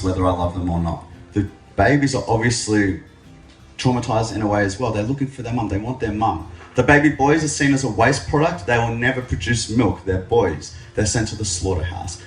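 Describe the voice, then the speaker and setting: A young man giving a public speech, telling his story with lively jokes. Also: on the low side. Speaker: speaker at an event. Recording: echoey hall, mic from a distance.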